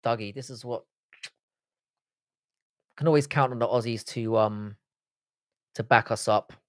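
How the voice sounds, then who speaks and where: A man's voice: mid-range voice, a little slow, no room sound, studio quality. A man from Britain, hosting a live stream in casual chat, reading viewer comments and trading sweary, joking banter.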